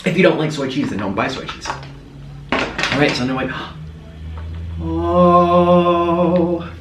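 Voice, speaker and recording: A man chatting casually to the camera as he eats, cooing now and then at his pet. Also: on the high side. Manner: chatty, coos at his pet between bites. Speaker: food vlogger. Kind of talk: casual mukbang chat to camera. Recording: echoey room with faint noise.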